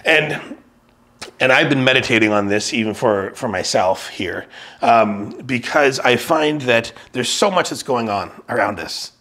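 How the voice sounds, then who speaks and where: A male pastor giving a sermon at an ordinary middle pitch. He tells the story loosely and conversationally, often restarting his sentences and adding fillers as he goes. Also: expressive, unhurried, a bit bright. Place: church service streamed online.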